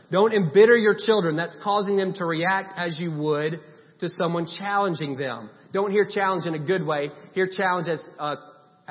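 A man preaching a sermon in a conversational way, stressing points by repeating short commands. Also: sits high. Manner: conversational preaching with emphatic repetition. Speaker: pastor. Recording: long hall reverb, dull sound.

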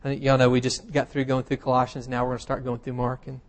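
A man delivers a sermon in an informal, talky style, his voice sitting at an ordinary middle pitch. He slips wry, self-deprecating jokes in between scripture points and pads his phrases with easy fillers. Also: monotone, quick pace. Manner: casual and self-deprecating, with humorous asides and frequent fillers. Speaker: preacher. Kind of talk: conversational sermon.

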